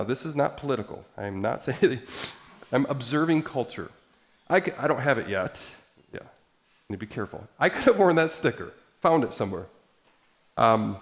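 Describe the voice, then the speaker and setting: A middle-aged man preaching a sermon as pastor, swinging from quiet asides to loud, emphatic passages. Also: medium pitch, vocal fry.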